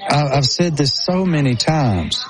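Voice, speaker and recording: A man's voice: fairly high pitch, very animated, unhurried. A man with a thick rural Appalachian accent, co-hosting a sports radio show remotely, joking at his own expense. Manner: self-mocking, joking storyteller. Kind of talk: casual sports radio banter. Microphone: remote satellite internet link.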